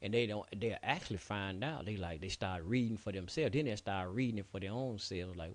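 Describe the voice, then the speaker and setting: A man's voice: lowish voice, a little fast, hardly any pauses. A middle-aged man hosting a radio show, lecturing in a casual, preachy way with street slang and cursing. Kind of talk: casual talk radio monologue.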